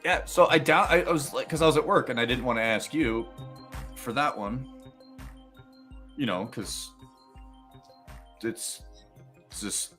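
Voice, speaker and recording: A man chatting casually on a live stream, animated, swearing freely and laughing often. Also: medium pitch, measured pace, long pauses, faint music behind. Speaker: co-host. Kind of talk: casual chat.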